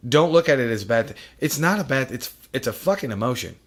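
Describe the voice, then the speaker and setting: A man's voice: medium pitch, animated, quick pace. A middle-aged man hosting a podcast, talking bluntly and profanely in casual chat. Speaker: podcast host.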